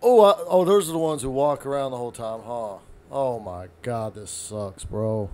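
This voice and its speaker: A man casually commentating on his first playthrough of a game, swearing often and reacting loudly to sudden threats. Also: mid-range voice, moderate pace. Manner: profane, jumpy reactions to the game. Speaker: gaming channel host. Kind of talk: let's play commentary.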